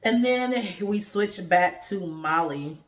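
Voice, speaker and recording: A woman's voice: medium pitch, expressive, takes it slowly, roomy sound. A woman giving a casual, slangy review of a TV episode and acting out the characters' lines as she goes.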